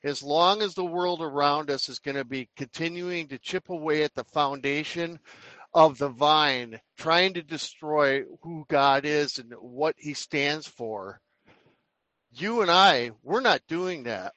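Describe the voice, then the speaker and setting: A man's voice: fairly high pitch, slow, sharp tone, no echo, rough recording. Earnest man speaking like a sermon. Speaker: caller. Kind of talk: faith talk.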